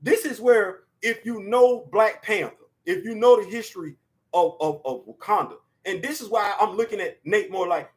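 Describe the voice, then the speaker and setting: Man, high-pitched voice, excitable casual pop-culture host, shouts and laughs. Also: normal speed.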